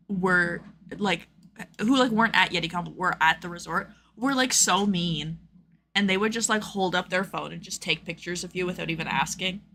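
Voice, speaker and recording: A woman's voice: lowish voice, bright, forceful tone, slight background noise. A young woman streaming, chatting casually with lots of fillers and acted-out quotes. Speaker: streamer host.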